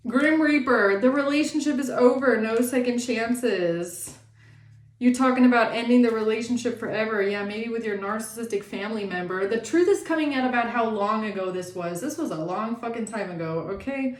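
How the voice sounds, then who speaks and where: A woman giving a casual tarot reading, animated and sassy, swearing often and acting out the people she talks about. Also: a little high, moderate pace, reverberant. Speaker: tarot reader.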